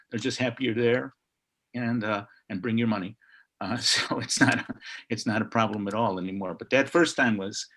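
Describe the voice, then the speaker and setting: An older man from Chicago, a historian guest on a video call, telling a story in a lively way and acting out the people he quotes. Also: mid-range voice. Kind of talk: animated storytelling.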